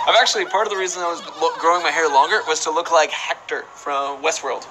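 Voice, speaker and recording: A man's voice: a little high, fairly even intonation, a little fast, background noise. A young man streaming a game, chatting casually and reading out viewer questions in a rambling, playful way. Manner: rambling, playful, reads chat aloud. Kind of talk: casual live-stream chat while playing.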